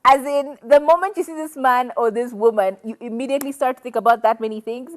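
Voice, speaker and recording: A young woman, co-hosting a casual talk show and telling animated stories with frequent laughter. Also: a little high, fast talker. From Kenya. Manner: animated storytelling, laughs often. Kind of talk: casual chat.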